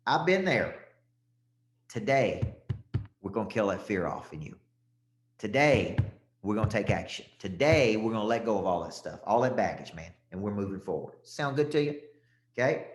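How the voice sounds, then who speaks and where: Emphatic sales coach, echoey room. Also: male voice, fairly low pitch, big pitch swings, moderate pace, long pauses. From Tennessee. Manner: emphatic, punchy, frequent "okay?" check-ins. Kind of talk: live sales coaching talk.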